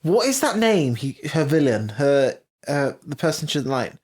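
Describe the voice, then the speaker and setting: A podcast co-host, chatting casually and curiously asking a steady stream of questions. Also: medium pitch, moderate pace. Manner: curious, asks lots of questions. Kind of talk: casual chat.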